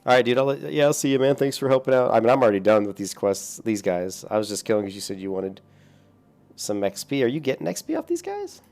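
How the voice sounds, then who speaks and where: A young adult man streams a game in a mid-range, darkish voice that's sing-song and fast, with vocal fry. Chatting casually with viewers about gameplay, he rambles and swears lightly between chuckles.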